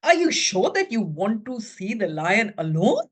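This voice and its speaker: A woman's voice: medium pitch, sing-song, measured pace. A woman voicing a concerned male forest doctor who warns earnestly. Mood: warning. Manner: earnest, cautioning.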